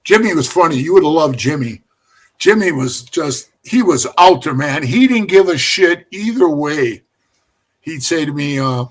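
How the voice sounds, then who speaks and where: Middle-aged male guest, a high-pitched, animated storyteller who swears freely. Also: moderate pace. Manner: animated, profane, addresses the host as bro. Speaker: podcast guest. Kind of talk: storytelling in casual conversation.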